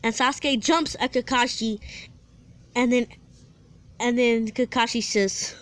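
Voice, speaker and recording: A woman's voice: fairly high pitch, fairly even intonation, unhurried. Rambling young-sounding woman telling a story. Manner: rambling, restarts often, playful asides. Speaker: storyteller of fan fiction. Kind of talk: casual spoken story.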